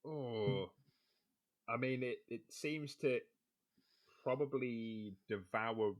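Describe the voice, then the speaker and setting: A man co-hosting a casual gaming podcast, describing things bit by bit with plenty of pauses and ums. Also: mid-range voice. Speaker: podcast co-host.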